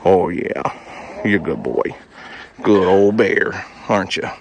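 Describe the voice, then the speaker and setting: A man's voice: low voice, slow, gravelly, very noisy. A man chatting casually and jokingly to his farm animals outdoors at a barn. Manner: joking, coaxing, talks to animals like pals. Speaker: homesteader vlogger.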